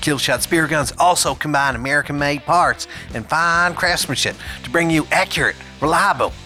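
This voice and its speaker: A man's voice: mid-range voice, pushed and bright. A man putting on a hammy fake-accent ad voice. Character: male ad reader in a deliberately bad put-on accent. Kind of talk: comic sponsor read.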